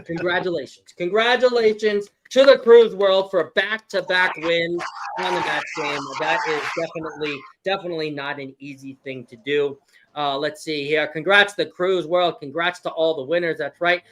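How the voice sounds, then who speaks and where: A man's voice: a little high, steady tone, moderate pace, a bit bright, slight background noise. A man hosting a casual live-stream game show, laughing often and reading viewer chat aloud.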